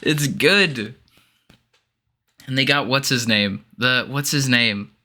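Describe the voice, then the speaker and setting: A man co-hosting a casual podcast chat, crisp bright voice, quick to laugh and swear, animated delivery. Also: mid-range voice. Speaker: podcast co-host.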